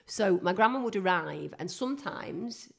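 A woman's voice: medium pitch, moderate pace, gravelly. A woman in casual chat, telling stories about her family in a chatty, digressive way. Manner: chatty storyteller, digresses, animated.

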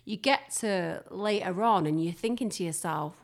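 A middle-aged woman hosting a casual podcast from her kitchen, talking in a chatty, expressive, rambling way. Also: fairly low pitch, normal speed, few pauses. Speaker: podcast host. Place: home kitchen.

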